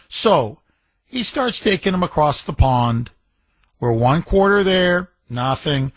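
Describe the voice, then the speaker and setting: Radio host guy hammering his points, raspy, dead-dry close sound. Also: fairly high pitch, very animated, takes it slowly, no echo. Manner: emphatic, repeats phrases for effect. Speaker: radio talk show host. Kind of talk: talk radio monologue.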